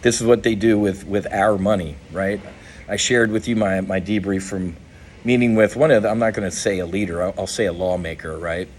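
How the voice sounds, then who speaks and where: A man's voice: sits low, brisk, a little hiss or hum. A middle-aged man giving an impassioned, profane political monologue as a podcast host, blunt and frustrated, often restarting his sentences. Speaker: podcast host and veteran advocate.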